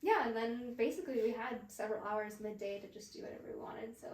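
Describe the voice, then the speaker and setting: A woman's voice: fairly high pitch, fast, darkish tone. Chatty, laughing young woman in a roomy space. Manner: chatty, laughs often, many "like" fillers. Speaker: podcast guest. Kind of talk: casual storytelling chat. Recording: roomy echo.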